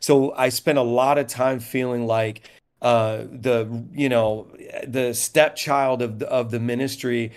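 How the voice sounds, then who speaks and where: A man's voice: medium pitch, fairly even intonation, a little slow. A middle-aged man who is a pastor, talking reflectively in a podcast with joking asides. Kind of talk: candid podcast conversation.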